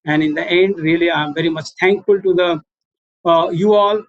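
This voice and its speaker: A middle-aged Indian English-accented man lectures in a fairly high voice, stopping often on 'uh' and hammering points home through repetition. The sound is dry and dull, like lo-fi webinar audio from a video call. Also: steady tone, no room sound. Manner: halting, with frequent 'uh' pauses and emphatic repetition. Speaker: professor presenting at a webinar. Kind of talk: formal webinar presentation.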